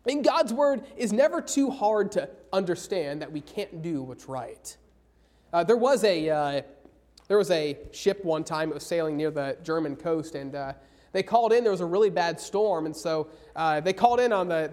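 A man preaching a sermon, slowing down hard on key phrases and reading scripture aloud. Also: sits high, darkish tone. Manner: emphatic, slows down for key phrases.

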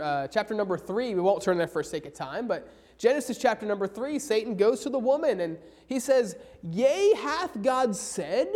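A man preaches a sermon with an animated, swooping voice that rises and falls across each sentence. He drags out the phrases he wants to stress and slips into old scripture wording when he quotes. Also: high-pitched. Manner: emphatic, slows down for key phrases.

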